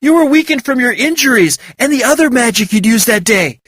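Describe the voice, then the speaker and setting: A man's voice: extremely high pitch, lively intonation, a little fast, fairly bright tone, dry recording, voice pushed up, full character voice. A man voicing an insistent, raised-voice warner. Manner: insistent, urgent.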